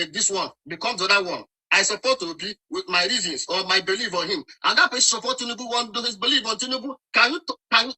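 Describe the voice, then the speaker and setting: Heated Nigerian man, bright forceful voice. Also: high-pitched, slightly rough, low-quality recording. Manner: scolding, repetitive, talks over interruptions. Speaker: caller in an online live debate. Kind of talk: heated argument.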